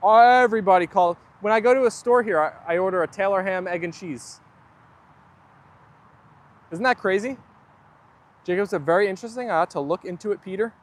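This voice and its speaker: A man's voice: high voice, brisk, long pauses. A young man hosting a casual livestream, chatting loosely and reading viewer comments aloud. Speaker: livestream host.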